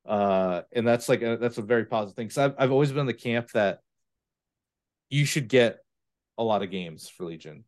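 Rambling animated podcast host, man. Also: medium pitch, normal speed. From US East Coast. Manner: rambling, animated storytelling with many fillers. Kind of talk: casual chat.

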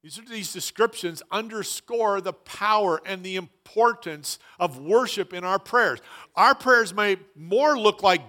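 A man's voice: high-pitched, expressive, unhurried, bright, forceful tone. A man preaching a sermon as pastor, earnest and emphatic, often repeating phrases for weight.

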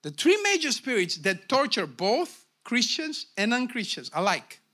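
With big pitch swings and a measured pace, a middle-aged pastor preaches emphatically to his congregation, calling out to them. He drops to low asides, then rises to shouted peaks.

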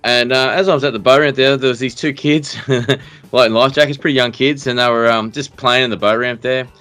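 A man's voice: mid-range voice, fairly even intonation, fairly quick, fairly bright tone, clean tone, faint music behind. An Australian man hosting a casual podcast chat, telling stories with many restarts and fillers. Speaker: podcast host.

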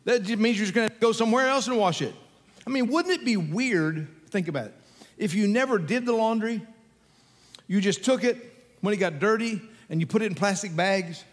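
A man's voice: high voice, big-room sound. An older man preaching a sermon as a pastor, folksy and conversational, telling stories with chuckles.

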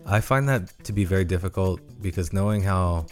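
A male podcast co-host talking in relaxed banter with a teasing, deadpan touch. His voice is very deep. Faint music sits in the background. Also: a little fast. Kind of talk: casual banter.

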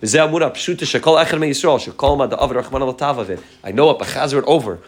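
A man teaching a Torah class at a very fast clip. His voice sits at a middle pitch, and he circles back on his phrases over and over. Hebrew and Yiddish terms run all through his English.

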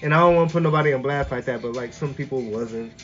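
A man's voice: mid-range voice, fast, fairly bright tone. A man co-hosting a casual podcast, joking, swearing and talking over the others. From Washington State, US. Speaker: podcast co-host. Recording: lo-fi with faint music.

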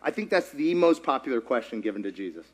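A man preaching a sermon, animated, quizzing the congregation and acting out quotes. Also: mid-range voice, fast talker, breathy edge. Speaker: pastor.

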